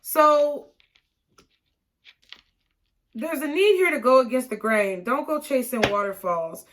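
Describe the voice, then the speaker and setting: In a high, animated voice and at a slow pace, a woman offers her viewers a casual tarot reading. Encouraging throughout, she repeats words and checks in repeatedly with "okay?"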